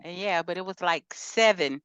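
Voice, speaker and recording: A woman's voice: on the low side, normal speed, a bit bright, clean tone, dry recording. A woman co-hosting a podcast, chatting casually in a laid-back, slangy storytelling way. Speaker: podcast co-host. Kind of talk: casual chat.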